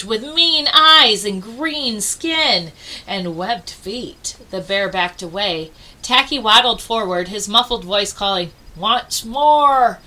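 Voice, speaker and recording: Slow, expressive woman reading a picture book. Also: a little high, low-quality recording. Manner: expressive, dramatic pauses. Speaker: storybook reader. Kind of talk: children's storybook read-aloud.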